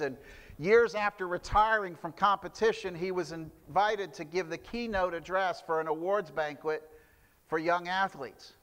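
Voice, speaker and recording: A man's voice: fairly high pitch, a bit bright, clear, resonant tone, long reverb tail. A man preaching a sermon, telling stories with frequent restarts and fillers. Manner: storytelling with repeated restarts and fillers. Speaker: pastor.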